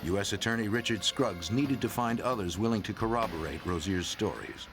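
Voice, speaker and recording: A man's voice: on the low side, a little fast. Serious male documentary narrator over music. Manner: even, serious storytelling delivery. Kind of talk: scripted narration.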